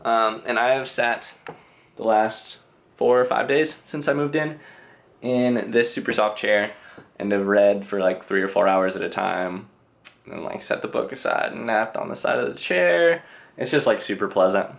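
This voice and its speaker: A young man with a slightly low voice chats through viewer questions in a casual vlog from his bedroom. He is self-deprecating and loose, leaning on filler words as he answers. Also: moderate pace, vocal fry. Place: bedroom with reading chair.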